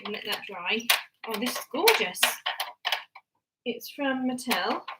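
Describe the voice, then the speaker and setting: A woman live-streaming from home, chatting in a rambling way and slipping into a soft mum voice while tidying toys. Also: on the high side, sing-song, slow pace, very noisy. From United Kingdom. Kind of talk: casual live-stream chat. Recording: loud clatter of toys and dishes.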